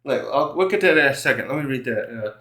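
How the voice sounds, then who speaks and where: A man's voice: mid-range voice, expressive, quick pace, bright, forceful tone. A man reviewing a comic chapter in casual chat, rambling with many fillers, self-corrections and frequent chuckles. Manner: laughs often while recapping. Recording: roomy echo.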